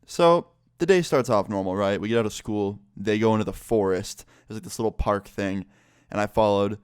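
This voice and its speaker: A young YouTuber rambles through a story-time vlog, his telling packed with fillers and profanity. His voice is on the low side, a little mellow and smooth, at normal speed, recorded dry with clean studio sound.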